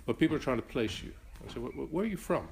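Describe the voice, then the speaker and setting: An older man from Northern Ireland with a blended Northern Irish and Rhodesian accent, answering interview questions in a reflective, halting way with frequent restarts. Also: medium pitch, expressive, vocal fry, a little hiss or hum. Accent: mixed Northern Irish and Rhodesian. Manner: halting, many restarts and fillers.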